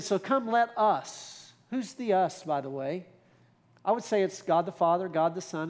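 A man preaching a sermon, animated and conversational, with frequent asides to the congregation. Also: sits high. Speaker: pastor.

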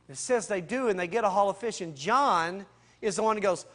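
Male pastor, sermon, high voice, casual slangy delivery, loud and hushed by turns. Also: animated, moderate pace.

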